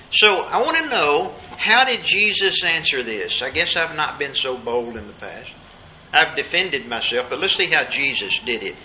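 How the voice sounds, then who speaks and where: Emphatic preacher with a bright edge. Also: male voice, on the high side, a little hiss or hum, rough recording. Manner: emphatic, repeats key phrases. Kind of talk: bible study sermon.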